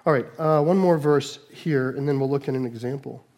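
A male pastor preaching a sermon, animated, moving between quiet asides and raised, emphatic lines. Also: medium pitch, brisk.

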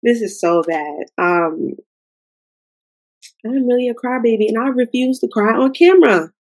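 A woman's voice: on the high side, animated, a little slow, a little mellow. A young woman hosting a podcast, talking in a chatty, emotional way with playful slang. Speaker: podcast host. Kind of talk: casual commentary.

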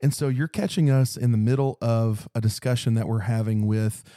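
Male podcast host, relaxed friendly intro, warm low-toned voice, dry close sound. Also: normal speed, no echo. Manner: friendly, filler-laden welcome.

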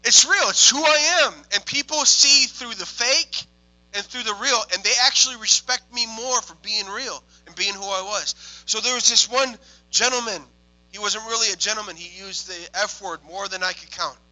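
A young adult man, a minister telling testimony stories in an excitable way, moving from hushed tones to loud exclamations. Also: high voice, normal speed, rough recording. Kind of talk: testimony storytelling.

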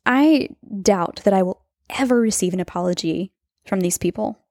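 A woman hosts her own faith podcast from her apartment, speaking casually and earnestly. Her voice carries a gravelly edge of fry at a middle pitch. The sound is close and dry, with little room around it. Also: moderate pace, darkish tone, no echo. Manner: earnest and confessional, laughs at herself. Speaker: podcast host and nurse. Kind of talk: casual faith-based monologue. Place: apartment at home.

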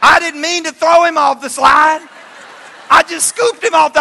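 A preacher in his forties, with a high, bright, ringing voice, delivers a sermon full of personal stories. He swings from shouted lines to hushed asides, jokes loosely and conversationally with the congregation, and speaks at a moderate pace with vocal fry and a faint hiss or hum.

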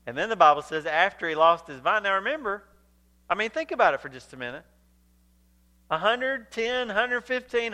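A male pastor preaching a sermon, animated and emphatic, acting out scripture as he paraphrases it. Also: on the high side.

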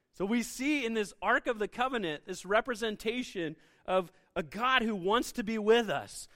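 A man's voice: sits high, a bit bright. A young man preaching a conversational sermon, asking the audience questions as he goes. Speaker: pastor.

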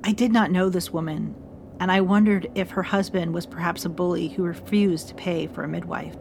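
A woman narrating a first-person gothic story in a measured, solemn, intimate voice, like reading a letter aloud. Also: on the low side, fairly even intonation, gravelly, background noise.

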